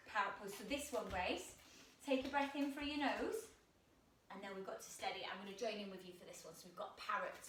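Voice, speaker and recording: A woman's voice: fairly high pitch, noisy background. A woman guiding a children's yoga class, playful and encouraging, heard from a distance in a roomy space. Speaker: kids yoga instructor.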